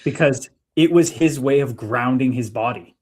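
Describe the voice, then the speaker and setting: A man co-hosting a livestream, telling spiritual stories in an animated way that swings between loud and soft. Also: medium pitch, normal speed, husky. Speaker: livestream co-host. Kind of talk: spiritual casual chat.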